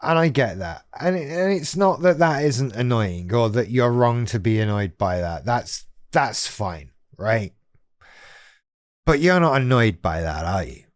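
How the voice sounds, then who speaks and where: A man's voice: mid-range voice, animated, unhurried, dry recording, studio quality. A man hosting his own channel, talking straight to the viewer in a wry, self-deprecating way. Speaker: YouTube channel host on living with BPD. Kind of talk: casual direct-to-camera talk.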